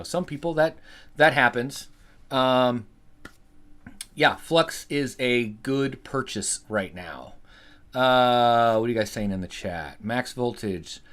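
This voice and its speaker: A man's voice: mid-range voice, a bit bright. A man hosting a live stream, rambling casually, swearing freely and answering his chat. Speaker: livestream host.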